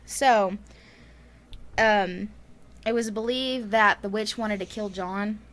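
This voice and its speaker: A woman's voice: medium pitch, fairly even intonation, slow, a bit bright. Woman, Southern accent, casual podcast storytelling, rambling, laughs a lot. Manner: rambling, laughs often, many fillers. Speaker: podcast co-host.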